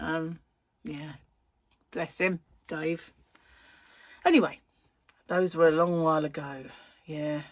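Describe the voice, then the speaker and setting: In casual chat, a crochet channel host tells a rambling anecdote as a chatty, giggly storyteller who keeps interrupting herself. She has a low female voice, recorded with no echo.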